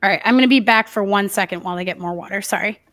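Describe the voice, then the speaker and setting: A woman's voice: medium pitch, rapid-fire, a bit bright. A woman player chatting casually during a tabletop game, rambling with fillers.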